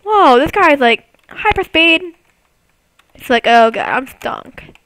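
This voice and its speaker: A woman giving excitable, taunting commentary on her own game to viewers, recorded on a computer mic at home. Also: sits high, measured pace, long pauses, no room sound. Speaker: gameplay commentator.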